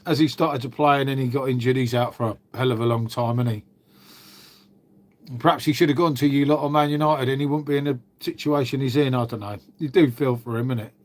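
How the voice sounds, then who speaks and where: A man's voice: medium pitch, fairly even intonation, brisk. A middle-aged man, hosting a livestream and chatting casually with viewers, laid-back and sweary, peppering his talk with mate and innit. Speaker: livestream host reading chat. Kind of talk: casual chat.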